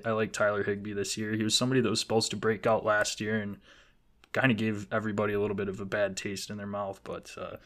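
A man co-hosting a casual podcast, upbeat and dropping folksy country sayings. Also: fairly low pitch. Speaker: podcast co-host. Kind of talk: casual podcast banter about fantasy football.

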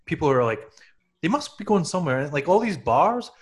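A man's voice: fairly high pitch, very animated, fairly quick. A man from Canada co-hosting a podcast, talking in a rambling way full of fillers and restarts. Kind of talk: casual chat.

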